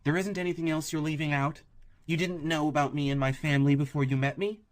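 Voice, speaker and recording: A man's voice: on the high side, level tone, fast talker, pitched above the performer's own voice, natural voice. A man voicing a fierce young woman who questions sharply and confronts. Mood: threatening.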